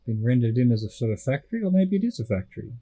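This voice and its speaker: A man's voice: medium pitch, very animated, very fast, mellow, breathy edge, poor audio. A middle-aged Australian man giving gameplay commentary as a streamer, musing and talking himself through what he is doing at home.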